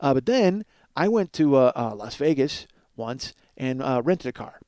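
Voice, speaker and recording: A man's voice: mid-range voice, very animated, normal speed, darkish tone, dry recording. A middle-aged man from the Chicago area telling rambling, profane, self-mocking comic stories as a podcast host, acting out bits of dialogue. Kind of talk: comic storytelling monologue.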